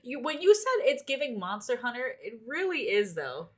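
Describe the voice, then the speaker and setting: A woman's voice: fairly high pitch, sing-song, normal speed. A woman co-hosting a podcast in casual chat, curious and full of questions. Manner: curious, asks lots of questions. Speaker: podcast co-host.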